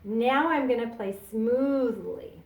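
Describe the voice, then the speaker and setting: A woman piano teacher explaining a lesson to a student in a slow, patient way. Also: a little high. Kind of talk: recorded private lesson.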